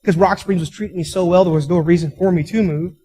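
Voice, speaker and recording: This pastor's voice sits high and steady, fast with a breathy edge, captured on a rough recording. He narrates stories in his sermon, acting out quoted voices and rising emphatically to loud peaks.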